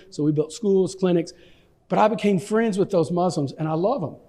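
A man from Texas, a pastor telling an animated, self-deprecating story with stammering restarts. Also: fairly high pitch, moderate pace, in a large hall. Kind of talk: anecdotal storytelling in an interview.

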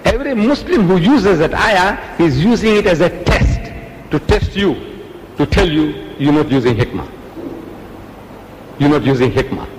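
A male preacher speaks in a fairly high, very lively voice that swoops up and down as he acts out quoted exchanges and throws rhetorical questions at the crowd. He is recorded in a hall with a long echo and a faint ambient hum behind him. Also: normal speed, pauses often. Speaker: Islamic preacher. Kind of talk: public religious lecture.

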